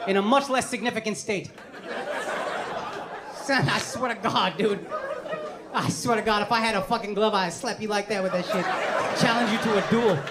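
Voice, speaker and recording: A man's voice: sits high, heavy background noise. A man doing stand-up crowd work, ranting and swearing, laughing between lines, in a live club clip. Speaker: stand-up comedian.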